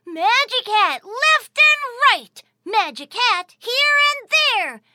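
A woman's voice: extremely high pitch, sing-song, takes it slowly, bright, forceful tone, exaggerated voice. A woman voicing a brave, cheerful little boy in a children's audio story, eager and full of exclamations. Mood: excited.

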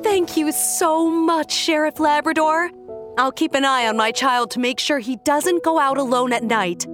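Brief: a fretful cartoon mama bear, very high, lively, slow. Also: female voice. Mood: grateful. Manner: emotional, gushing. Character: anxious mother bear, doting and emotional. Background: children's music.

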